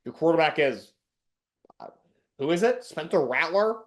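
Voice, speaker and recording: Host type: man with a slightly higher voice, blunt, rants, repeats points for emphasis. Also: sing-song, normal speed. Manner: blunt, ranting, repeats himself. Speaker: sports podcast host. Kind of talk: opinionated solo sports talk.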